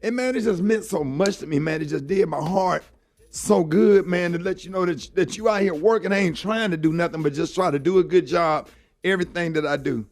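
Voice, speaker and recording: Hosting a morning radio show, a middle-aged man with a high, brisk voice recounts a heartfelt story earnestly. His speech is filled with "man" and "you know".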